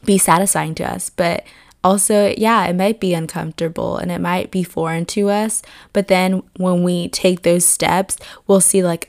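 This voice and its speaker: Slightly hoarse woman, earnest podcaster. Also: on the low side, steady tone, moderate pace, a little mellow. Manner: earnest, rambling, many "like" fillers. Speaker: podcast host. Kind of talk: casual faith podcast reflection.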